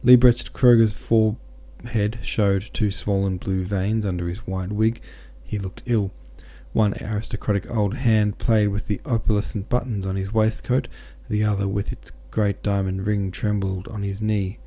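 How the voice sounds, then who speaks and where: A male podcast host reads a classic novel aloud. His voice is low and mellow. His delivery is steady, with small self-corrections along the way. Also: measured pace, few pauses. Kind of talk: audiobook narration.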